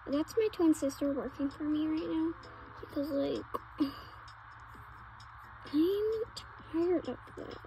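A woman's voice: high-pitched, slow pace, creaky, long pauses, warm tone, soft background music, low-quality recording. A woman chatting casually while role-playing a game, full of "like" and "oh my goodness" fillers. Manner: chatty, heavy use of "like" and "oh my goodness". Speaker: gamer narrating role-play. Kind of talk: casual gameplay role-play chat.

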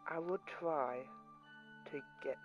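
A man chats his way through a gameplay video, drifting from one topic to the next in a loose, chatty ramble. His voice sits a little higher than most men's. Game music plays clearly underneath him as he talks into his own microphone. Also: slow, highs cut off. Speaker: gaming channel host. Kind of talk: casual gameplay commentary.

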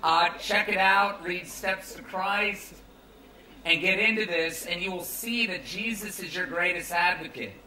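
A man's voice: sits high, unhurried, pushed and bright, echoey room, far from the mic, low-quality recording. A young American man preaching a youth sermon in a casual, joking, conversational way. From United States. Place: large tent at a campground.

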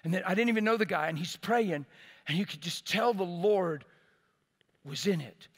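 A man preaching a sermon in an expressive, emphatic way, swinging between loud bursts and hushed passages. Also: sits high, normal speed, creaky, big-room sound.

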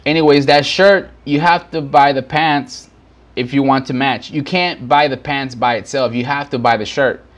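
Casual male vlogger, mid pitch, rambling teacher with lots of fillers and restarts. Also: steady tone, moderate pace. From Houston, Texas. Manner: rambling, many fillers and restarts, addresses viewers as guys. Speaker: business vlogger. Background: background noise.

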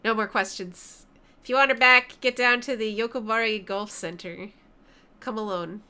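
Woman putting on a gruff phone kidnapper man. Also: fairly high pitch, fairly even intonation, normal speed, bright, forceful tone. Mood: threatening. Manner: gruff, threatening, clipped. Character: menacing male kidnapper on a phone.

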